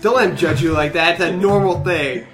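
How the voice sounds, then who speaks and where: A man playing a tabletop game, joking and swearing in banter, heard far from the mic in an echoey room with very loud music. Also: high voice. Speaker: player. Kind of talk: casual tabletop game chat.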